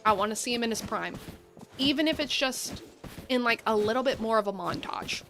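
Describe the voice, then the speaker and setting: Chatty woman streamer, slightly high voice. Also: a little fast, fairly bright tone, soft background music. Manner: chatty, rambling, enthusiastic tangents. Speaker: game streamer. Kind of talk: casual chat while streaming gameplay. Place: seated at a gaming setup.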